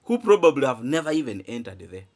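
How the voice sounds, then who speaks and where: Animated man, lively rhetorical vlogger. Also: medium pitch, fast. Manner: emphatic, repeats phrases, asks rhetorical questions. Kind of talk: animated commentary to camera.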